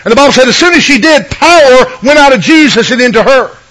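A man with a fairly high voice preaches a conversational sermon, retelling scripture stories and calling for amens from the congregation. It sounds like a radio broadcast. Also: animated, quick pace, a bit bright, poor audio. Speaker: pastor.

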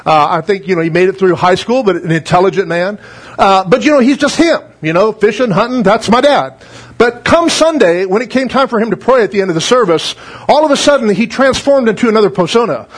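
A middle-aged man preaching a relaxed, conversational sermon as a pastor, folksy and joking, often checking in with "right?". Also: high-pitched, a little fast.

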